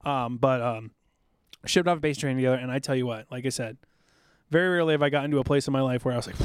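A middle-aged man telling rambling, animated army stories in a casual podcast chat, now and then acting out drill sergeants. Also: mid-range voice, rapid-fire, smooth, dry recording, studio quality. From South Dakota, USA. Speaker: podcast guest, military veteran.

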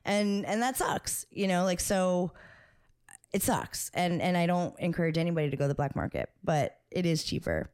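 A woman's voice: on the low side, animated, fairly quick, a little mellow. A woman co-hosting a casual podcast chat, talking candidly with slang and emphatic repetition. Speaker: podcast co-host.

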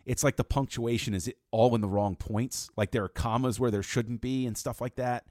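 A man's voice: mid-range voice, steady tone, moderate pace, a little mellow, no echo, studio quality. A man talking through a film analysis in casual podcast conversation, building his points with restarts and fillers. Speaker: podcast co-host.

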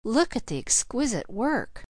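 Calm kind lady reassuring a girl, woman reading her, dry voice. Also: on the high side, no room sound, pitched above the performer's own voice. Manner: gentle, reassuring, measured. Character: kindly, composed grown woman mentor.

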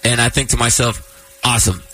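A man's voice: medium pitch, steady tone, brisk, pushed and bright, slight background noise, poor audio. A man in his thirties, a radio host, telling a personal story in casual chat, choking up and laughing through tears.

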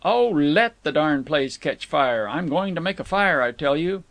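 A man's voice: on the high side, lively intonation, a little slow, gravelly, fairly bright tone, dry recording, heavily acted. A man reading an audiobook, voicing a mild-mannered, plain-spoken young man who tries to placate a companion. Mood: insistent. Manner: folksy, says "ain't", mild and placating.

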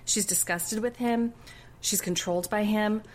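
A woman's voice: medium pitch, unhurried. A woman co-hosting a podcast, chatting casually and bluntly as she recaps a reality show. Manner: blunt, indignant commentary. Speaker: podcast co-host.

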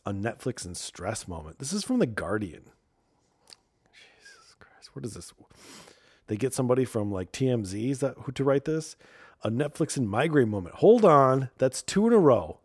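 A man's voice: fairly low pitch, darkish tone, husky, dry recording, clean studio sound. A man hosting a casual talk show, rambling and sarcastic, reading news aloud and muttering asides. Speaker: podcast host.

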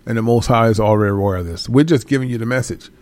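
A man giving an animated casual monologue to his viewers, swearing freely and laughing often. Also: medium pitch, racing. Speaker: host.

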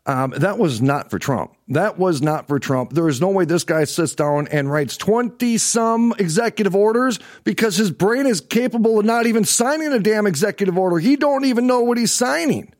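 A man's voice: high voice, expressive, moderate pace, few pauses, dry recording, clean studio sound. A middle-aged man hosting a livestream political show, ranting angrily, swearing and repeating himself for emphasis. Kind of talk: angry livestream political rant.

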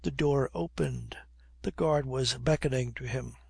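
A man narrating a historical novel in a measured, even reading, close to the mic. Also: mid-range voice, creaky, breathy edge, dry recording. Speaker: audiobook narrator. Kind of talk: scripted narration.

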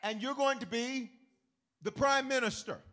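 A man voicing a boastful, grand male Pharaoh, making loud, exuberant proclamations. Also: normal speed. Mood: proclaiming. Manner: booming, exuberant, laughing proclamations.

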